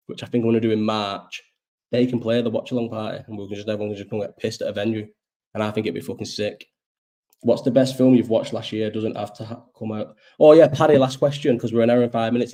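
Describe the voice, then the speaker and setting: A young man talks through a casual live stream, rambling from one thought to the next and swearing freely. He is a bit ill and coughs now and then. His voice sits low and sounds mellow. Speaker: host.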